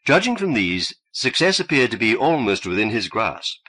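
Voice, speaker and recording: A man's voice: mid-range voice, sing-song, moderate pace, pushed and bright. A man reading as a reflective antiquities inspector. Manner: plain, reflective telling. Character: male antiquities inspector recalling a friend. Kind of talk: audiobook reading.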